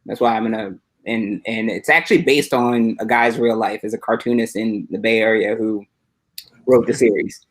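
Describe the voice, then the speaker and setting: A man rambling through casual chat on a livestream, relaxed and wandering, heard over a video call. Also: lowish voice, moderate pace, rough recording. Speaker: panel guest.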